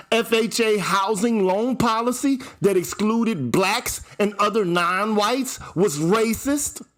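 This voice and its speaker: A man hosting his own channel, delivering a fiery, profane commentary rant that hammers the same point with repetition. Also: high-pitched. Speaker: channel host. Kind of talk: ranting commentary vlog.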